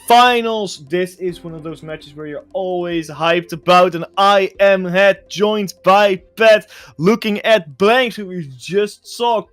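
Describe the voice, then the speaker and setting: A man with a Dutch accent giving lively, excitable play-by-play commentary as an esports caster. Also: high voice, slow.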